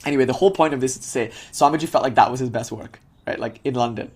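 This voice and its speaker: A man's voice: mid-range voice, rapid-fire, slightly rough. A young man giving an informal, irreverent lecture on spiritual history, casual and profane, acting out quotes as he tells stories. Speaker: spiritual teacher.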